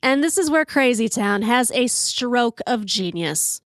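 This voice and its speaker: Brief: woman, fifties, podcast storyteller, bright higher voice, dry close sound, animated and salty delivery. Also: unhurried, no room sound. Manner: animated, profane, acts out quotes. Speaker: podcast host. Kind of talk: storytelling monologue.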